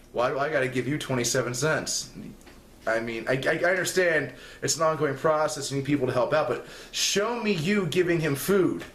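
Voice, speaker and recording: A man's voice: mid-range voice, fairly bright tone, slight background noise. A young man delivering a rambling, sarcastic comedic rant as a segment host on a spoof news show. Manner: rambling, sarcastic, ranting with rising exasperation. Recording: echoey room with faint ambience.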